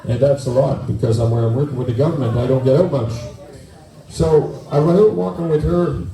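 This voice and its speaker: Performing stand-up in character before an audience in an event hall, a Newfoundland-accented man tells folksy jokes and banters with the crowd. His medium-pitched voice is creaky and mellow with fairly even intonation and a quickish pace, but the mic sits far away, leaving roomy, poor audio.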